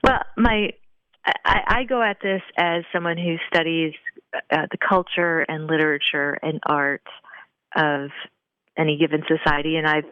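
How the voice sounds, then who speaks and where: A woman guest on a radio interview who explains her ideas in a thoughtful, measured way with frequent fillers. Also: sits low, steady tone, smooth, no room sound. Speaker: guest, professor. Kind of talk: phone interview, explaining at length. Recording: dry tinny phone line.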